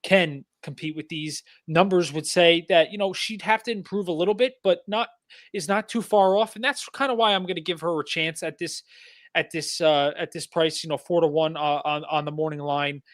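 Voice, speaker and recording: A man's voice: on the high side, normal speed, fairly bright tone, dry recording, clean studio sound. A man co-hosting a horse-racing podcast, easygoing and a bit hesitant, repeating words as he thinks. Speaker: podcast co-host. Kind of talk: casual handicapping chat.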